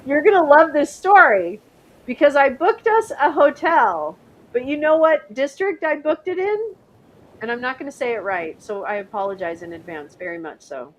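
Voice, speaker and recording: Chatty and rambling, this middle-aged livestream host has a high-pitched voice, laughs a lot, and experiments with French words. Her recording is muffled.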